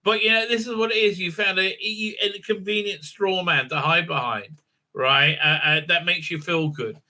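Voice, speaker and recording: A man hosting a scathing review of a TV episode, talking in a bright, sharp voice pitched a little high. His delivery is sarcastic and profane, peppered with "uh, uh" fillers, and his pitch swings up for mocking asides. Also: fairly even intonation, moderate pace. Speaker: show host reviewing a TV episode. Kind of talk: ranting recap and review.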